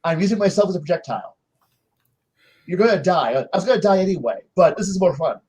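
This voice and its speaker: A man with a high voice sits on a panel swapping tabletop game anecdotes. He talks in loose casual chat, full of restarts and little acted-out quotes from his players. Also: lively intonation, quick pace, darkish tone, breathy edge.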